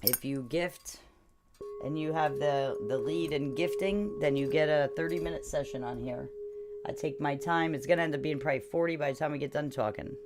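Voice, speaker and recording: A woman sound therapist leading a live sound-healing session, guiding gently and explaining in a loose, chatty way. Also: deep voice, fairly even intonation, fairly quick. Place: home streaming setup. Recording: loud hum of singing bowls and tones.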